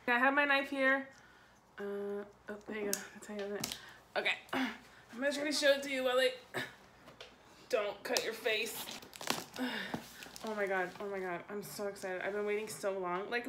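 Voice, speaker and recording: A young woman chatting excitedly at home as she unboxes makeup, gasping and giggling as she goes. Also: mid-range voice, a little hiss or hum. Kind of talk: excited casual unboxing chat. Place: home room.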